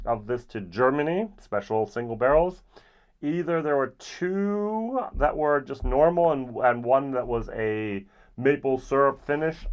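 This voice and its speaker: A man giving a casual, rambling whisky tasting review, often pausing with ums. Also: mid-range voice. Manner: relaxed, rambling with frequent ums.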